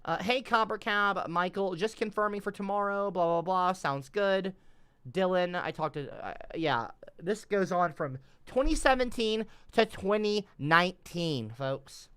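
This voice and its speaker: Profane, rambling male streamer, bright voice. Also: high-pitched, expressive, measured pace, smooth, no room sound. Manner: profane, sarcastic, rambling, trails off mid-sentence; swings between mumbling and loud outbursts. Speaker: livestreamer. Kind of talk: rambling livestream commentary.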